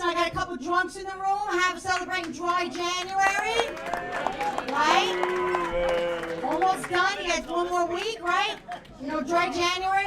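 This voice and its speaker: High-pitched lady doing crude stand-up, roomy club, crowd loud behind her. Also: far from the mic, heavy background noise. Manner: brash, profane, acts out quoted voices. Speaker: stand-up comedian. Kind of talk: stand-up set. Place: comedy club stage.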